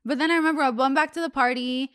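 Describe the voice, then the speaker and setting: A woman's voice: high voice, fairly even intonation, very fast, a bit bright, no room sound, clean studio sound. A young woman hosting a podcast, telling a long rambling story in casual chat, full of "like" fillers. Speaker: podcast host.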